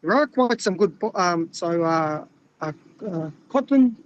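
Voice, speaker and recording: A man's voice: high-pitched, lively intonation, measured pace, lo-fi sound, slight background noise. An Australian man, a butcher and regular on a podcast, telling laid-back stories in a casual chat, swearing and trailing off as he goes.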